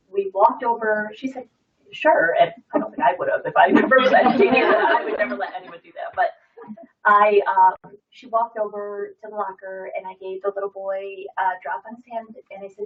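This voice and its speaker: A woman's voice: mid-range voice, fairly even intonation, fairly quick. Brief: woman in her 30s, rambling storyteller, distant and muffled sound. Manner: chatty storyteller, many fillers and restarts. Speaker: guest sharing a testimonial. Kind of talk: casual chat. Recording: muffled audio from far off the mic.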